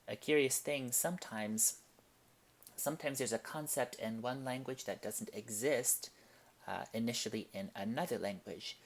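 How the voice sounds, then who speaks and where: A man teaching a Spanish lesson, explaining each point slowly and deliberately and reading out example sentences. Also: mid-range voice. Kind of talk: classroom-style language lesson.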